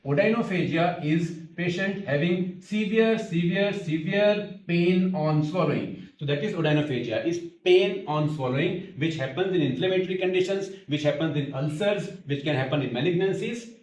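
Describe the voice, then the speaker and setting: A man's voice: on the high side, normal speed, hardly any pauses, a little mellow, recorded from a distance. A male ENT lecturer, teaching exam history-taking in a methodical way and repeating key terms as lists. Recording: echoey room, voice from off mic.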